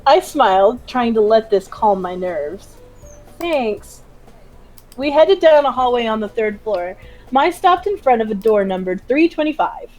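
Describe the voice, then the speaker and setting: A woman's voice: fairly high pitch, animated, a little slow, a little mellow, faint music behind, rough recording. A woman hosting a gaming video, reading visual novel narration aloud with giggly, joking asides. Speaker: gaming channel host.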